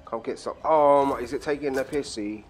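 A man giving crude, profane commentary while playing a game, full of excitable banter and sudden shouts. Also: mid-range voice, brisk, slight background noise. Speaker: gaming channel host. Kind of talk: profane casual gameplay commentary.

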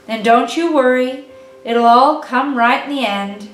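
A woman voicing a gentle, worried mother in a read-aloud storybook, soft and tender. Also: high-pitched, a little slow. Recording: echoey room, distant mic, faint music.

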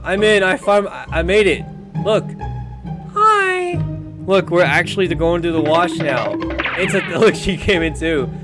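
Young male gamer, slightly high voice, loud and excitable, ranting and joking over game music. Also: moderate pace. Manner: excitable, jokey, yelling at other players. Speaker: gaming video creator. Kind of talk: casual gameplay commentary.

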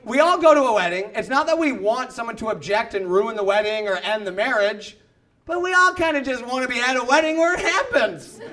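A man doing a stand-up set in a comedy club, animated, acting out the people in his stories. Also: very high voice, a little fast. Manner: animated, acts out voices. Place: comedy club, half full. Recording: live club with audience laughter.

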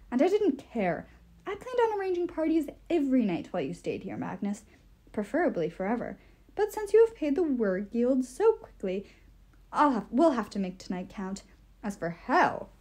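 A woman's voice: a little high, sing-song, moderate pace, dark tone, breathy edge. A woman voicing a pompous, greedy elderly male elf lord who talks in a haughty, commanding way. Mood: gloating.

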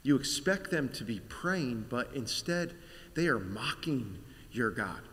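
Male pastor, guided meditation, very slow and hushed, church reverb. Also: mid-range voice, very animated. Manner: slow, vivid second-person storytelling, sinking to whispers. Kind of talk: guided Good Friday meditation. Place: church sanctuary.

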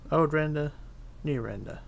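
A man's voice: a little high, moderate pace, vocal fry. A man with an English accent chatting casually and teasing while he streams a building game. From England. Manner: chatty, teasing, muttering asides. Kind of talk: casual chat while gaming.

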